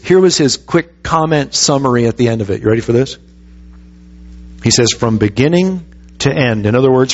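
A man's voice: mid-range voice, dull audio. A pastor preaching a conversational sermon, asking the congregation rhetorical questions and pressing his points with emphatic restarts.

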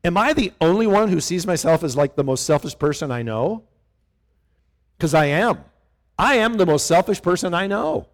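A man's voice: high voice, normal speed. A middle-aged male pastor preaching a conversational sermon, often asking his listeners questions. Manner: animated, conversational, asks the congregation questions.

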